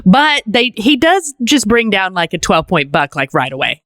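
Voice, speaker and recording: A playful American woman co-hosting a podcast, joking and swearing in casual chat. Her pitch swings in a lively, animated way. The recording is close and dry. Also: moderate pace, no room sound. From United States. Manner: playful, laughs, jokes and swears. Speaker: podcast co-host.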